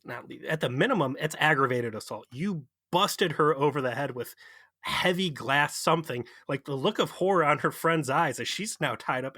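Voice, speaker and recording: A man's voice: medium pitch, sharp tone, dry recording. A man co-hosting a podcast, recapping an episode in a rambling, profane, amused way. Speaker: podcast co-host. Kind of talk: casual chat.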